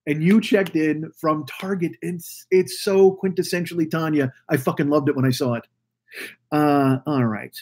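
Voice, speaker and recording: A man's voice: fairly high pitch, moderate pace. A man hosting a live stream, rambling and swearing casually as he greets viewers over a webcam mic. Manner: profane, rambling, chatty. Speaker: live stream podcast host.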